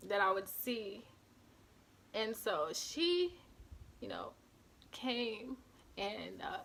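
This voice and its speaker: A woman's voice: fairly high pitch, vocal fry, fairly bright tone, slight background noise. A young woman vlogger telling a personal story to her camera, emotional and close to tears, with lots of fillers. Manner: emotional, often near tears, with many fillers. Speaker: beauty vlogger.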